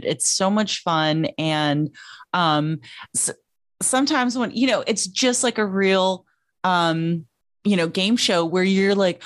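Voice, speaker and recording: A woman's voice: fairly low pitch, lively intonation, a little slow, no room sound, clean studio sound. A woman hosting a podcast, chatting casually and with enthusiasm. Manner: bubbly, enthusiastic. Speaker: podcast host.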